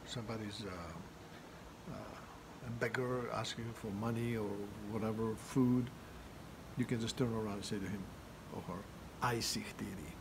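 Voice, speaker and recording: A man's voice: lowish voice, fairly even intonation, moderate pace, background noise. A man teaching words and phrases in a loose, chatty way, full of fillers and restarts, who chuckles at his own examples. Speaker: language teacher. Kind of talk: casual vocabulary lesson.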